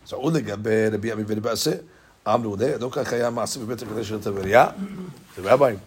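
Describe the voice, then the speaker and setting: A man teaching a Talmud study class in quick, halting English full of Hebrew and Aramaic terms, often repeating words. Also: fairly low pitch, slight background noise.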